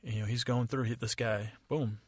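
A man's voice: mid-range voice, fairly even intonation, moderate pace, darkish tone, slightly rough, no echo, studio quality. Rambling man improvising a story. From United States. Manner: rambling, digressive, many fillers. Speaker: podcast storyteller.

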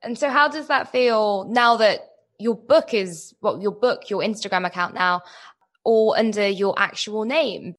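A woman's voice: medium pitch, a little slow, fairly bright tone. A woman hosting an interview, asking long, thoughtful, winding questions in a conversational way. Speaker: podcast interviewer.

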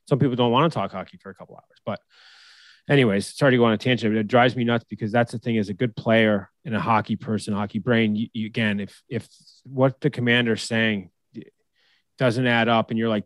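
A man's voice: on the low side, steady tone, fairly quick, no echo. A man co-hosting a casual hockey talk show, fired up, swearing, and acting out quotes. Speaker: co-host, former pro hockey player and coach.

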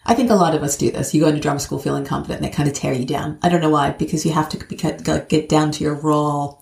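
A middle-aged American woman speaks as a podcast guest in a chatty, animated way, often laughing. Her voice sits low with a gravelly fry. The recording has a noticeable roomy echo. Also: fast talker. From United States. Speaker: guest, actor. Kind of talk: casual interview chat.

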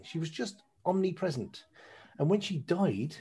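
A middle-aged man chatting as a podcast guest, telling lively anecdotes and swearing freely. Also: sits high, unhurried, breathy edge. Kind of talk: casual chat.

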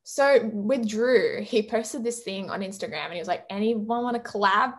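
A young woman in a relaxed interview, chatty and easygoing. Her talk is full of "like," restarts and small laughs, at a medium pitch for a woman. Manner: chatty, fills speech with "like" and quick laughs. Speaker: singer in a band, interview guest. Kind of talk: casual interview chat.

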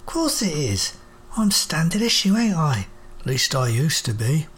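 A man's voice: measured pace, breathy edge, heavily acted. A man voicing a scruffy, streetwise male courier robot with a swearing, cheeky manner. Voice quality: swearing, streetwise, high and lively. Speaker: one-man audio drama performer.

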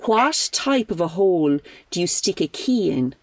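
A woman's voice: lowish voice, very animated, dry recording. A middle-aged Irish woman hosting a podcast, chatting casually on a call, playful and teasing. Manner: playful, teasing, quick to laugh. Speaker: podcast host. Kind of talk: casual phone chat.

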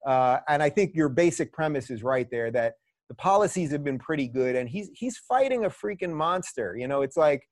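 A middle-aged man on a podcast, telling stories in a lively, casual way. His voice sits a bit higher than most men's, and he often restarts his phrases with a repeated word. The sound is close and dry, with no room around it. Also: no room sound. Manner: animated, repeats words at the start of phrases. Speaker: podcast guest. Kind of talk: casual storytelling. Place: lives in a large US city.

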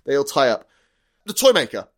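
A man co-hosting a podcast, chatting casually and enthusiastically with quick laughs. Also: mid-range voice, very animated. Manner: enthusiastic, quick laughs, restarts mid-phrase. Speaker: podcast co-host. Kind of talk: casual chat reviewing a TV episode.

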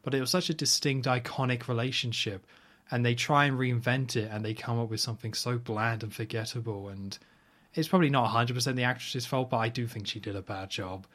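A man's voice: medium pitch, fairly even intonation, fairly quick, fairly bright tone. Chatty man recapping a film. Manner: rambling, opinionated, chatty retelling. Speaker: podcast host. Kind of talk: casual film recap chat.

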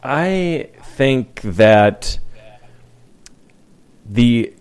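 A man's voice: medium pitch, animated, extremely slow, darkish tone, clean tone. A man co-hosting a casual sports podcast, dry and wry, fond of puns. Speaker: podcast co-host.

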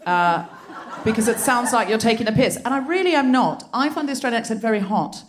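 Woman host, slightly high voice, giggly storyteller, live theatre recording. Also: lively intonation, fast talker, background noise. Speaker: podcast host. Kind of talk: live comedy podcast chat. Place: theatre stage before a live audience.

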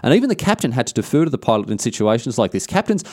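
Fast, lively Australian man telling history. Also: medium pitch, dry recording, studio quality. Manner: animated, slangy, irreverent. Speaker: podcast host. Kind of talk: casual history storytelling.

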